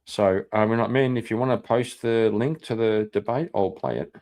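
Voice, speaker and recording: A man's voice: lowish voice, moderate pace, a little mellow. A man hosting a live stream, chatting casually with his viewers, rambling, swearing and laughing often. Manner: profane, rambling, laughs a lot. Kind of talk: casual chat reacting to viewers.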